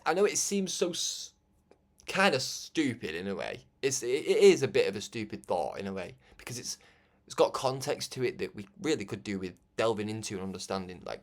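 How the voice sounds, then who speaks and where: A man giving an informal spiritual talk, rambling and conversational, laughing often and stumbling over restarts. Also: on the low side. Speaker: religious broadcaster.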